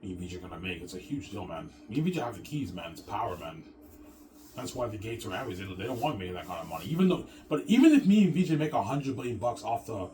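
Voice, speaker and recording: A man rants quickly in a low voice, circling back to the same complaints. He sounds far from the mic, with steady noise underneath. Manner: ranting, repetitive, fast. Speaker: vlogger. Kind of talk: rambling monologue.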